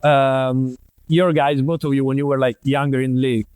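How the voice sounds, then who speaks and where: A man's voice: mid-range voice, level tone, normal speed, darkish tone, smooth, no echo. A man hosting a podcast who asks loose, rambling questions. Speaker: podcast host.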